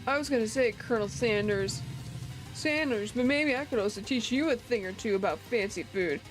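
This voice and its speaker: A woman's voice: on the high side, normal speed, natural voice, rough recording. A woman voicing a courtly older male chef mascot who talks like a folksy businessman, over faint music. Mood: boastful. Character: smooth-talking older male fried-chicken mascot chef.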